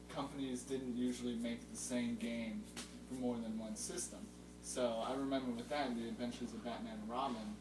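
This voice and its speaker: Young male student host, distant roomy sound. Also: medium pitch. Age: young adult. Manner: informative, a little halting with fillers. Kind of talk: casual video-game chat. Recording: roomy, distant mic with loud hum.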